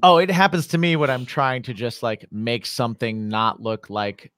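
A man's voice: mid-range voice, steady tone, normal speed, a bit bright, clear, resonant tone, no echo. Easygoing man on a dry mic. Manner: easygoing, self-deprecating. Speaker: podcast host, musician. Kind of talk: casual podcast chat.

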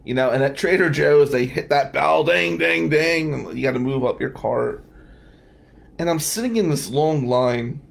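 A man's voice: mid-range voice, normal speed, creaky. A man from New Jersey, a defense lawyer, telling a wry, self-mocking story in a casual podcast chat.

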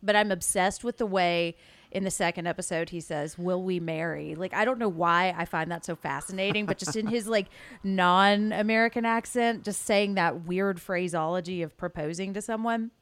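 A woman in her thirties co-hosting a podcast, recapping a TV show in casual, animated chat. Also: mid-range voice, normal speed. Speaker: podcast co-host.

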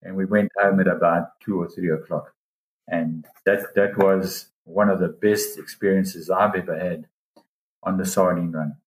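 A man telling a long diving story in a casual interview, lively and excited when he quotes others. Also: unhurried. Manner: animated, pitch jumps when quoting others. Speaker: dive guide telling a story. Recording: roomy echo.

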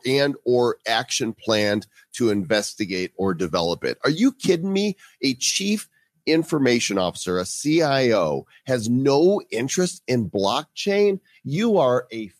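A man's voice: medium pitch, sing-song, measured pace, dry recording. A man hosting a podcast, chatting casually and reading out news stories with emphatic, indignant remarks. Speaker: podcast host.

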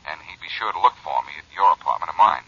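Blackie, a cool wry detective. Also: male voice, deep voice, expressive, quick pace, breathy edge. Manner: dry, clipped and wry. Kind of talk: 1940s radio acting. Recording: dull old radio recording.

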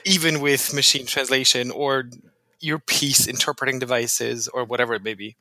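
A man's voice: mid-range voice, steady tone, normal speed, sharp tone, no echo, rough recording. A man from Bavaria, chatting wryly on a podcast. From Bavaria, Germany. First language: German. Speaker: podcast co-host. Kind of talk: casual discussion.

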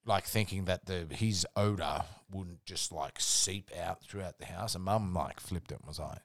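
A man's voice: deep voice, moderate pace, no room sound, studio quality. An Australian man, a podcast guest, telling a rambling, profane anecdote in casual chat. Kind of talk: casual storytelling.

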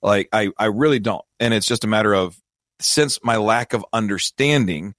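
A man hosting a financial advice show, telling a self-deprecating story in a lively, casual way. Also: lowish voice, moderate pace, no room sound, studio quality. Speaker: financial advisor and show host.

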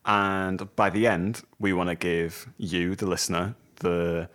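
Deep-voiced easygoing podcast man. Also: steady tone, measured pace, a bit bright. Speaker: podcast co-host. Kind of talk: casual chat.

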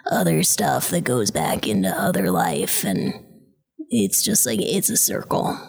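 Woman on a tabletop podcast, heavy vocal fry, very husky, slow and wry. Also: rumbling low, huge pitch swings. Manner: musing, wry. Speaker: player. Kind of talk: casual podcast banter.

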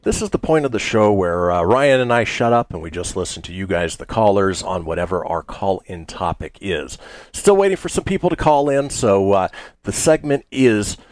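A man hosts a radio talk show, chatting casually and filling pauses with "you know". His voice is low but swings widely in pitch. The studio sound is dry and close. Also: no room sound. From United States. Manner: animated, chatty, lots of fillers.

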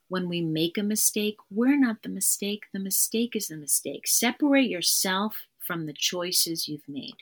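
A woman's voice: medium pitch, a bit bright. A woman therapist, a podcast guest, talking in an earnest, emphatic way and repeating her key phrases. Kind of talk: conversational interview.

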